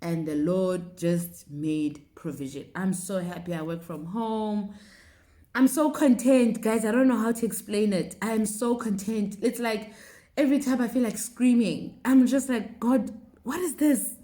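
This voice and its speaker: A young woman telling a personal faith testimony in a casual, animated way, often laughing. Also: medium pitch, unhurried. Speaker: vlogger sharing a testimony.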